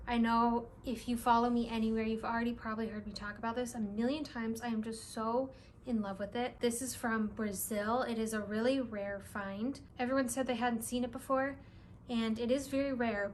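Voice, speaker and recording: A young woman who runs a crystal shop, talking through her purchases in a casual, excitable vlog with lots of "like" and "really, really". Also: a little high, fairly quick, slight background noise. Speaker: crystal shop owner and vlogger. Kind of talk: casual show-and-tell vlog.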